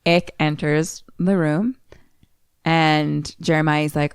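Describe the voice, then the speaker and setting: A woman's voice: fairly low pitch, lively intonation, normal speed, clear, resonant tone, dry recording, studio quality. A woman co-hosting a podcast, animatedly retelling a film scene by scene, acting out the characters and swearing freely. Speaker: podcast co-host. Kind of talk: casual chat, retelling a film.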